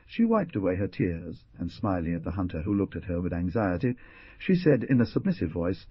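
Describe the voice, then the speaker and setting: A man's voice: sits low, very animated, a little fast, husky, no echo, lo-fi sound. A man narrating an adventure novel audiobook with dramatic, swooping emphasis.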